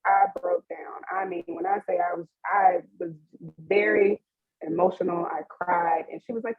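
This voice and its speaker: A young woman speaks candidly on a webinar panel, her voice husky and breathy. The sound is dry and narrow like a phone line, recorded over a video call. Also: on the low side, moderate pace, no room sound. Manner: open and emotional, with frequent laughs and fillers.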